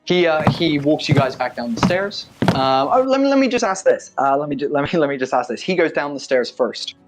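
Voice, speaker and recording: A man running a tabletop game as game master, talking in a loose, rambling way full of fillers. His voice sits a little high. Faint music plays behind him. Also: expressive, brisk. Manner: casual, rambling, filler-heavy.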